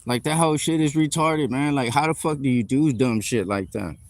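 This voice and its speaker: This clip features a man streaming a live rant outdoors on a city street, captured on a phone. He speaks briskly at a medium pitch, telling a fired-up, foul-mouthed, wandering story, and the recording is dry.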